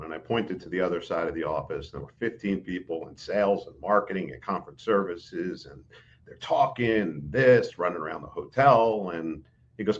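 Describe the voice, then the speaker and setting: A man's voice: low voice, normal speed, a little hiss or hum. A middle-aged man, a guest on a podcast, telling career stories in casual talk and acting out quoted dialogue, with frequent fillers. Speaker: interview guest, executive recruiter. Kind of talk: casual storytelling in a podcast interview. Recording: dull, lo-fi audio.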